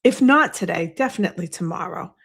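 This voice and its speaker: A woman's voice: lowish voice, animated, brisk, creaky, slightly rough. A woman with a Boston accent hosting a casual livestream from home, rambling and chatting with asides to her viewers. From US East Coast. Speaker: livestream host. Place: home, snowy window behind. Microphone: desk microphone.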